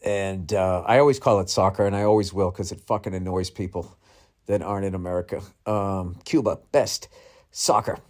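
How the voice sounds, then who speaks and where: A man's voice: low-pitched, fairly even intonation, moderate pace, darkish tone. A middle-aged male comedian telling a rambling, profane, self-mocking story in a podcast monologue.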